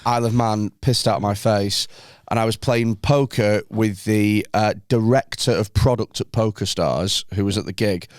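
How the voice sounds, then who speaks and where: A man's voice: fairly low pitch, fairly even intonation, normal speed, few pauses, a little mellow, no room sound, clean studio sound. A man co-hosting a podcast, telling anecdotes in loose joking banter. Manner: joking banter, mock voices. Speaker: podcast co-host. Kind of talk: casual chat.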